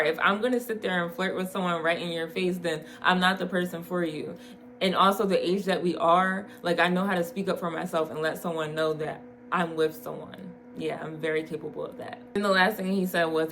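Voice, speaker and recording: A woman's voice: on the low side, normal speed, fairly bright tone. A young woman telling a dating story in a candid late-night vlog, laughing often and swearing casually. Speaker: vlogger.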